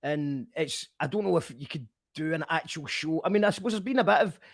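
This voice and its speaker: A man hosting a casual chat show, easygoing with halting restarts. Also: on the high side, gravelly, no echo, studio quality. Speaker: show host.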